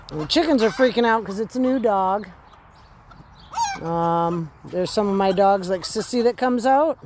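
Woman dog trainer, warm low-key voice, casual outdoor vlog with faint background noise. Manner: chatty, breaks off to give short commands and praise to her dog. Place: outdoors in her yard near chickens.

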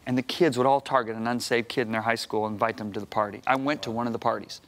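A man in his sixties, a guest preacher on a television studio set, telling a story in an emphatic way that climbs to high, excited outbursts. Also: quick pace. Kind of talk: animated storytelling on a talk show.

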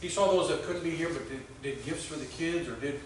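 A male pastor giving a conversational sermon, telling stories with halting restarts. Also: a little high, slight background noise. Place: church sanctuary. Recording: very echoey church hall from far off.

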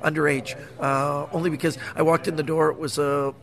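Gravelly fast-talking Canadian man in his sixties. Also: on the high side, level tone, fairly bright tone. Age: 60s. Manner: chatty, laughs through his stories. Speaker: guest, magician. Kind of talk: casual storytelling.

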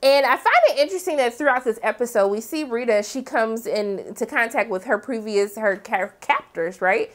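A woman hosting a TV episode recap, talking in a sassy, slangy, animated way with dramatic asides. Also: on the high side, moderate pace, few pauses. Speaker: TV recap host. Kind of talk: casual episode recap commentary.

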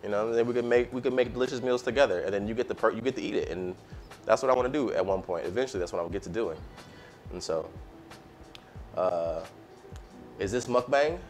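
This U.S. cooking streamer has a voice on the low side, moves at a quick pace, yet leaves long pauses. He talks casually and slangily with his live-stream audience while cooking, faint music audible underneath.

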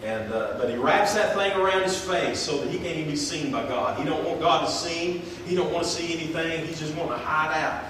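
A male pastor preaching an earnest, homespun sermon in a slightly high voice. He reads scripture in old-fashioned wording between plain talk. The sound rings through a large church sanctuary, captured from well back from the mic with a faint hiss beneath. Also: fairly quick, few pauses, fairly bright tone. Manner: earnest, folksy preaching with plain everyday grammar. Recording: echoey church hall, voice from far off.

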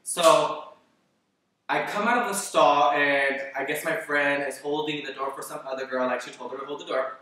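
A man vlogger telling a story casually in a rambling, animated way, with constant "like" fillers and swearing. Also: on the high side, normal speed. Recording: very echoey room, voice far from the mic.

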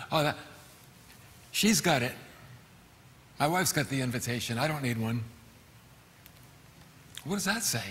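A middle-aged man preaching a sermon as pastor, animated, acting out quoted voices and breaking into sudden shouts. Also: on the high side, in a large hall. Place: church hall.

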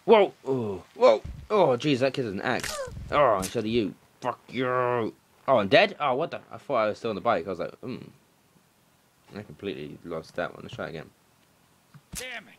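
A young man doing let's play commentary, excitable and swearing, shouting at the game. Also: mid-range voice, moderate pace, long pauses, a little hiss or hum. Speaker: gaming commentator.

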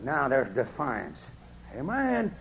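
A man preaching a holiness revival sermon at a camp meeting, swinging from hushed storytelling to shouted fervor. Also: medium pitch, huge pitch swings, takes it slowly, low-quality recording. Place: large camp meeting service.

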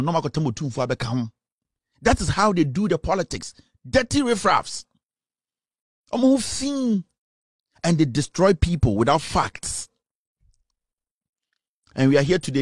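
A man's voice: on the high side, darkish tone, no room sound, clean studio sound. A man with a Ghanaian accent giving a scornful political commentary rant, hurling insults. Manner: scornful, insulting, mocking laughter.

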